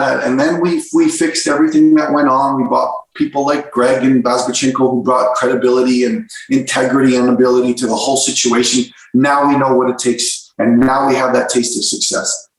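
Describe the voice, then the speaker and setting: A man talking in a casual interview as a soccer coach, mid-pitched, animated and storytelling. He often restarts and repeats words as he goes. His voice rings in a very echoey room.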